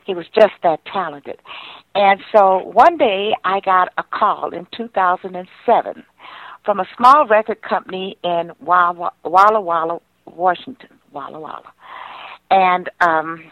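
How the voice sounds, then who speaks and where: A woman's voice: lowish voice, measured pace, no echo. Older woman reminiscing over a phone line. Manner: heartfelt, rambling storyteller. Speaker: singer and pianist. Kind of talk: reminiscing on a radio interview. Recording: tinny dry phone line.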